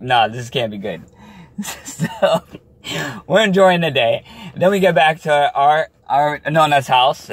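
An animated man telling a family story to his viewers in a casual, chatty way. He laughs as he tells it, and his voice sits at an ordinary pitch for a man. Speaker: vlogger.

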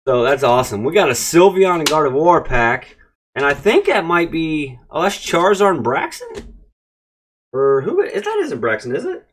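Excitable man with a lively, bouncy voice. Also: a little high, normal speed, slight background noise. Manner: excitable, gushing, talks straight to viewers. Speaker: card-opening channel host. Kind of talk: casual pack-opening vlog.

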